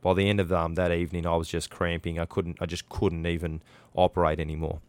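A man's voice: low-pitched, level tone, quick pace, no echo. An Australian man hosting a podcast, telling a story in a chatty, rambling way with lots of fillers and restarts. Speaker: podcast host. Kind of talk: casual storytelling.

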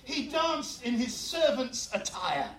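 A man preaching a sermon as pastor, telling stories with lively laughs. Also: very high-pitched, slow pace. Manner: animated storytelling with laughs. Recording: roomy sound from far off mic.

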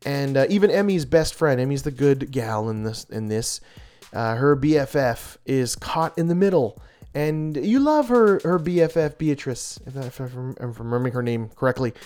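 A man's voice: medium pitch, lively intonation, moderate pace, few pauses, darkish tone. A man reviewing comic books in an enthusiastic, casual way, gushing with frequent restarts and small laughs.

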